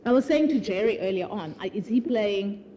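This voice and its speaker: A woman's voice: mid-range voice, lively intonation, a little fast, warm tone, slight background noise. A woman author speaking at her own book launch, chatting animatedly before a live audience, laughing often and restarting sentences with repeated words. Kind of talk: conversational talk at a live event. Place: live festival event with an audience.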